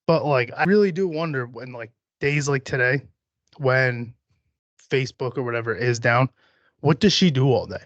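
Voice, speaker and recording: A man's voice: medium pitch, normal speed, dry recording, dull audio. A young man hosting a solo podcast, rambling and joking with plenty of profanity. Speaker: podcast host.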